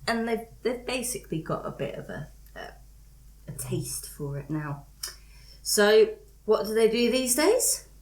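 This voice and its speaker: A woman on a casual podcast, chatty and giggly as she shares a fact. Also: mid-range voice. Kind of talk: casual chat, sharing a fact. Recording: roomy echo.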